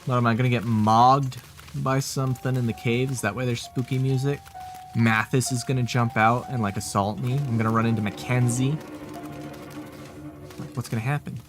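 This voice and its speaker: A man's voice: mid-range voice, fairly even intonation, normal speed, soft background music. A man streaming a survival game live, chatting and teasing his viewers in a playful way. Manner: chatty, teasing viewers, playing with whispers and silly voices. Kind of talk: live gameplay commentary.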